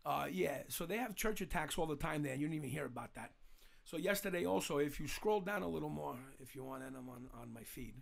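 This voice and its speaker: Gravelly, rambling New York talk host. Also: male voice, on the high side, animated, quick pace. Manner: rambling, repeats "you know" constantly. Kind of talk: casual political talk show.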